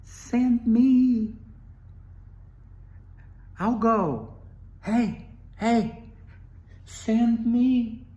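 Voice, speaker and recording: A man doing a tiny squeaky grandmother spider. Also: extremely slow, long pauses, mellow, full character voice. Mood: eager. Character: tiny old grandmother spider, kind, determined.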